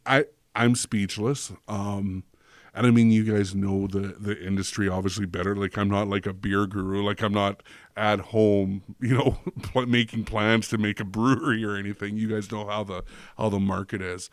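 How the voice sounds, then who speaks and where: Man, lowish pitch, chatty podcast guest, dry close sound. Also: flat delivery, moderate pace, no echo. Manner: chatty storyteller, many fillers and restarts. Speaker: guest, drag performer. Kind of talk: casual podcast chat.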